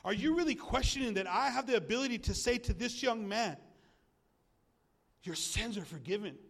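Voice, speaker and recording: A pastor voicing Jesus as a calm man challenging doubters, asking insistent, probing questions. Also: sits high, moderate pace, creaky, pitched above the performer's own voice, exaggerated voice.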